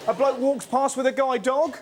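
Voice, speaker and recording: A young man hosting a topical comedy show in a studio, cheeky and loud, slipping into shouted silly voices, with an audience laughing. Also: very high voice, flat delivery, normal speed. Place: TV studio before a live audience. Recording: noisy studio with loud crowd.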